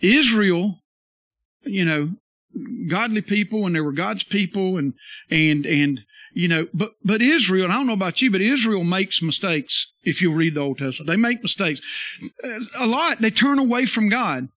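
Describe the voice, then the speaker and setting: A man preaching a sermon as pastor, folksy and conversational, repeating phrases and rising to emphatic loud bursts. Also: high voice, expressive, moderate pace, no room sound.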